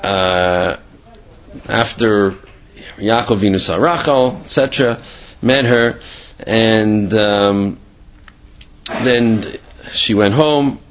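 A man's voice: lowish voice, slow pace, pauses often, lo-fi sound. A man teaching a Torah class in a rambling, conversational way, full of fillers and restarts. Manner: rambling, conversational, with many fillers and Hebrew terms. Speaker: religious teacher.

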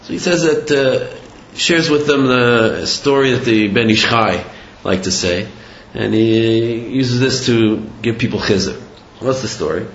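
A man teaching a religious lesson, telling a story in an animated, digressive way with many fillers. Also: mid-range voice, a little slow, a little hiss or hum. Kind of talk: sermon with storytelling. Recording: roomy, slightly dull recording.

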